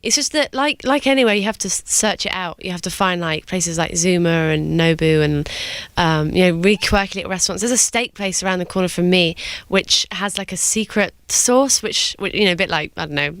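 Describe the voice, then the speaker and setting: A woman's voice: lowish voice, a little fast, hardly any pauses, a bit bright, smooth, no room sound. A woman with an English accent, a singer chatting as a guest in a radio studio, rambling and giggly. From England. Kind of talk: casual radio interview.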